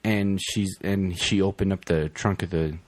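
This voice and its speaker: A man's voice: sits low, fairly even intonation, a little slow, dry recording. A man in casual chat, telling a story and swearing now and then. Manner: storytelling, profane.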